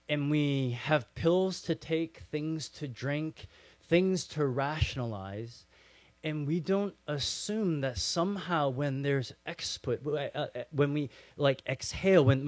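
A man preaching a sermon with a slightly raised voice, acting out quotes with energy, then sinking to hushed, quiet lines. The sound is dry and close. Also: on the high side, no room sound. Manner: animated storytelling, acts out quotes, drops to soft hushed lines. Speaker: pastor.

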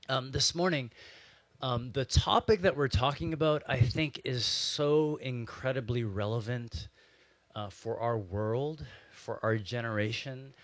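Casual, animated young male pastor preaching. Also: mid-range voice, no room sound. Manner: conversational, animated storytelling with frequent "um" and "like". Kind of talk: sermon with personal storytelling.

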